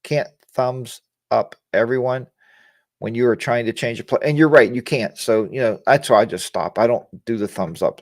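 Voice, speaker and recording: A man's voice: medium pitch, normal speed, no room sound, studio quality. A man hosting a casual motorcycle live chat, getting worked up and ranting while answering viewers by name. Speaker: live chat show host.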